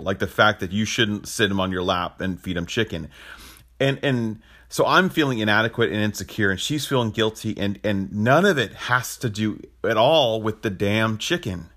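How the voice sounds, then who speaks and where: A man's voice: medium pitch, fairly bright tone. A man in his thirties hosting a podcast, talking casually and earnestly about faith and family life, with frequent restarts and chuckles. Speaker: podcast host. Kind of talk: casual reflective talk on faith.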